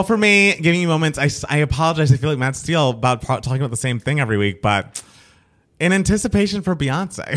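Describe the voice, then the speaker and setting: A man's voice: medium pitch, a bit bright. A man co-hosting a podcast in casual chat, telling stories in an enthusiastic, reflective way. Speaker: podcast co-host.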